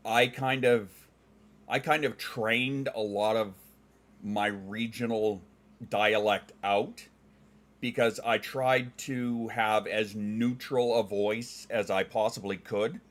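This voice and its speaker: Middle-aged Western Canadian man, deep-ish. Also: fairly even intonation, slow pace, a bit bright. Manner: clear enunciating, trained voice; joking, dad jokes. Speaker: streamer. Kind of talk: casual chat reading viewer comments.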